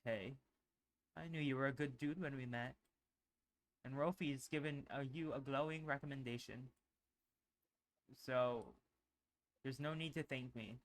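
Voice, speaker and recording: A man voicing a gentle, guarded young male animal character in a visual novel, speaking softly and slowly. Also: mid-range voice, close to an everyday voice. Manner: soft, hushed and slow.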